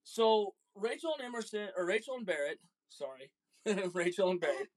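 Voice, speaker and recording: Father host, casual and animated, loves a comic anecdote. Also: high-pitched, normal speed. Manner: animated, jokey, acts out voices in stories. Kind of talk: casual storytelling chat.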